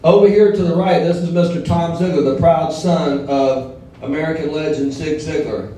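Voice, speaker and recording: A middle-aged man with a Southern drawl tells stories from a stage and jokes with the crowd. His voice sits a little high for a man. The sound is heard from some distance, in a big echoing hall with a faint hiss behind it. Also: fairly even intonation, moderate pace, warm tone. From southern Alabama. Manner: storytelling, joking with the audience. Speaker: guest speaker. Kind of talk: motivational speech. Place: large hall before a live audience.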